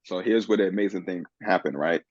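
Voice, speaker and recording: A man guesting on a podcast, telling a personal story in an earnest, animated way with many restarts. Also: low voice, fairly quick, no room sound. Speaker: guest, men's coach. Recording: dull, dry lo-fi sound.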